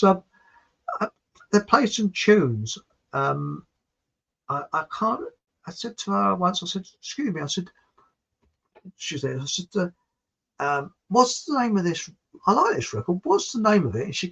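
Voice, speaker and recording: A man's voice: on the high side, sing-song, normal speed, a bit bright, husky. A man hosting an online show, telling rambling self-mocking stories and laughing as he goes. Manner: chuckling, self-mocking storyteller. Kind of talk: rambling anecdotal chat. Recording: dull lo-fi sound.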